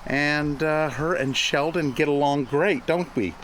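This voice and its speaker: A man giving a relaxed walking tour of his farm, chatting, laughing often and greeting animals along the way. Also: fairly high pitch, measured pace, slight background noise. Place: outdoors on a farm, in woods and fields.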